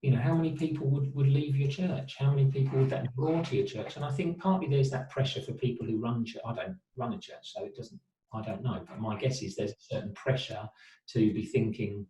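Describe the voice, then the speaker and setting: Male counsellor guest, mellow and musing, recorded far off in an echoey room. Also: mid-range voice, fairly even intonation, brisk. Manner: thoughtful, musing, asks rhetorical questions. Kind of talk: reflective interview answers. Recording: roomy echo, distant from the mic.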